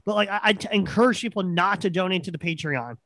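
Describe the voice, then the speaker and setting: A man's voice: high voice, fast, sharp tone, dry recording. Easygoing podcast host man, dry sound. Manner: easygoing and agreeable. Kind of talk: casual podcast chat.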